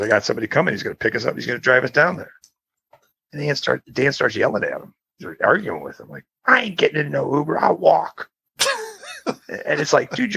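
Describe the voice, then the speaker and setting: Podcast co-host, male, husky voice, swings his pitch wide while spinning a casual anecdote. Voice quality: gravelly, husky. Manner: animated storyteller, acts out quoted voices, swears. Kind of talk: casual storytelling chat.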